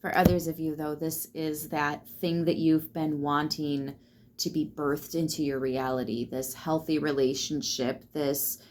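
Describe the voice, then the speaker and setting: Low-voiced woman giving a casual tarot reading. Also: flat delivery, a little slow, a little mellow, slight background noise. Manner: loose and chatty, swears freely, lots of fillers; reassuring, speaks straight to the listener. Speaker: tarot reader.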